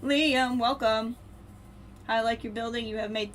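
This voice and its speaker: A woman streaming a video game, thinking aloud and muttering to herself, then brightly greeting her viewers. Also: a little high, steady tone, a little fast, slight background noise. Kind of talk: casual live-stream chat while playing.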